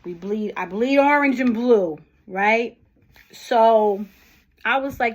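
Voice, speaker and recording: A woman talks in an unhurried, conversational way, often stopping to put questions to whoever is listening. Her voice sits fairly high for a woman. She sounds middle-aged and speaks at a slow, easy pace. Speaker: vlogger. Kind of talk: casual motivational talk to camera.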